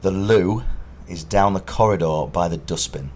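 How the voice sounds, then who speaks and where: Deep-voiced English man, playful. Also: normal speed, a little mellow. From England. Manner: playful, teasing explainer. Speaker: podcast co-host. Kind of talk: casual chat. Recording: faint background noise.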